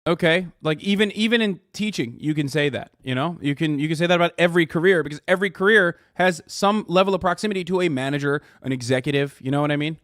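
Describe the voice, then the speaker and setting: A male streamer in casual reaction commentary, animated and exasperated, swearing freely. His voice sits well above most men's. The sound is close and dry, with no room in it. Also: a little high, fast talker, hardly any pauses, no room sound. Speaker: streamer host.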